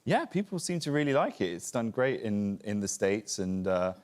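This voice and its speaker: A British actor telling lively, jokey anecdotes as a guest on a TV chat show. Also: male voice, fairly low pitch, normal speed. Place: TV studio with audience.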